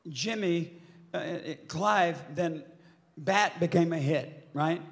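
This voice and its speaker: An older man with a slightly high voice spins an animated story for a convention crowd, swearing and shouting at the peaks. His voice rings out with a long hall reverb from a handheld stage mic. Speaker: convention panel guest.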